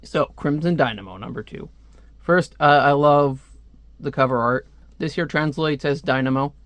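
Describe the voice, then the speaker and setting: Young male comic reviewer, slightly high voice, rambling and chatty, dry close recording. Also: steady tone, measured pace, a bit bright, clean tone, no echo. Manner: rambling, chatty asides with frequent fillers. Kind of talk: casual comic book review.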